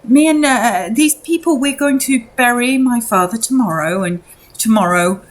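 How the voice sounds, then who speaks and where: A woman voicing a weary, kindly young man who leads a village, talking in halting, soothing bits. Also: fairly high pitch, pitched above the performer's own voice, lightly acted, rough recording. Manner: halting, soothing, full of restarts.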